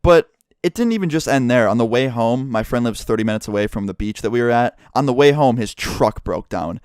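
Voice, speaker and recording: A young man telling a story vlog to his subscribers, animated and profane, swearing freely as he goes. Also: medium pitch, brisk, clear, resonant tone, no echo, clean studio sound. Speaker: YouTuber.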